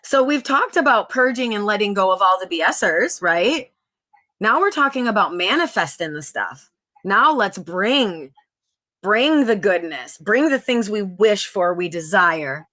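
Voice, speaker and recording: A woman's voice: medium pitch, sing-song, measured pace, sharp tone. A middle-aged woman hosting a live stream, chatting upbeat with viewers and reading out their comments. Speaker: livestream host.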